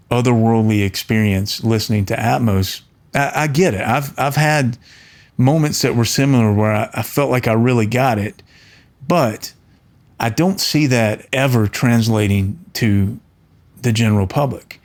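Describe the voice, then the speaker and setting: A middle-aged man at a mid pitch talks earnestly and casually to camera. He spins a personal story, restarting phrases as he goes, and perks up when he quotes people. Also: a little slow. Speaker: audio engineer and channel host.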